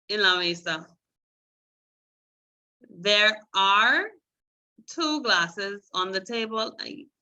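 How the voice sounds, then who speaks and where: A woman's voice: mid-range voice, pushed and bright, low-quality recording. A woman teaching a beginner Spanish class, explaining patiently step by step and calling on students.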